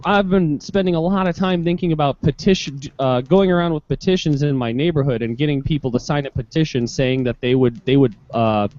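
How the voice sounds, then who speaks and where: A co-host talking in a rambling, excitable way, full of "like", on a dull video-call line. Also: male voice. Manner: rambling, lots of "like", rising pitch when excited. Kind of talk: casual podcast chat. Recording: dull, dry lo-fi call audio.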